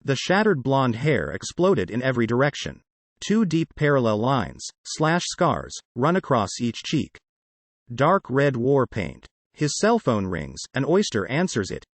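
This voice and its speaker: A man reading an audiobook in the first person, with expressive delivery. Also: medium pitch, unhurried, no echo. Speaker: audiobook narrator. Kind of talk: audiobook narration.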